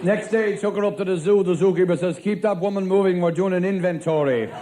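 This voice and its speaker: An Irish man with a raised, high-set voice spins deadpan stand-up yarns as a village policeman. Light laughter and faint room noise sit behind him on the live recording. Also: crowd noise. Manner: deadpan storytelling, rapid one-liners in character as a policeman. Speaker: stand-up comedian. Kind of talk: live stand-up joke-telling.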